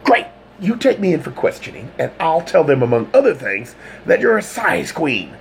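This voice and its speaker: A man narrating an audiobook voices a hot-tempered, defensive gay man who shouts and swears. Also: a little high, very animated, normal speed, vocal fry, slight background noise, voice pushed up. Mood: furious.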